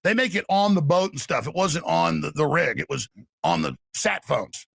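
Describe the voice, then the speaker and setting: A man's voice: a little high, normal speed, vocal fry, a bit bright, no room sound, clean studio sound. A man giving urgent, emphatic political commentary as a talk show host, scoffing and driving his points home.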